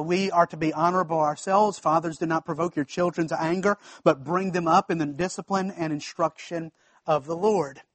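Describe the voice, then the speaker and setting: A man's voice: high-pitched, dry recording. A man, a pastor, preaching a sermon in a conversational way, with asides to the congregation and frequent restarts.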